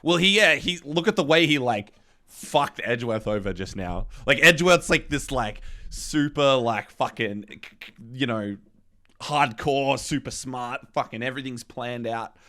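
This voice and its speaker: A man's voice: medium pitch, expressive, a little slow, bright, forceful tone. A man streaming a game, giving rambling, profane, casual commentary. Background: game music.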